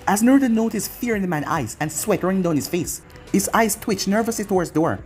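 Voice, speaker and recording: A reader narrating an anime fan-fiction story aloud in a steady storybook manner. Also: mid-range voice, fast, faint music behind.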